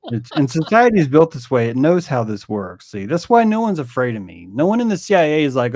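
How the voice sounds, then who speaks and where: A man's voice: mid-range voice, very animated, quick pace, darkish tone, dry recording, studio quality. A man as a guest, talking in a profane, ranting way in an opinionated conversation.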